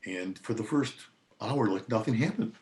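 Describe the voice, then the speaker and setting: An older man, an attorney and podcast guest, telling a personal story in a relaxed, anecdotal way, often laughing. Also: on the low side, normal speed. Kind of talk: casual storytelling.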